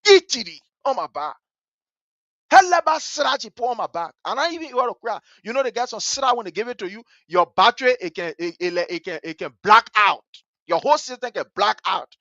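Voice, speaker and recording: A man with a Liberian English accent hosting a talk show. He tells a story with passion, swinging between hushed and loud. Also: sits high, animated, fairly quick, dry recording, dull audio. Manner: vivid, story-driven. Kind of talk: animated radio commentary with storytelling.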